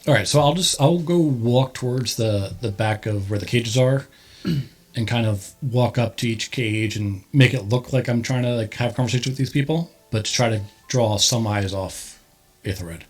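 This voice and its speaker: A man's voice: medium pitch, moderate pace, soft background music. A man playing a tabletop game, talking casually and hesitantly. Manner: hesitant, full of ums and kinda. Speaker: player.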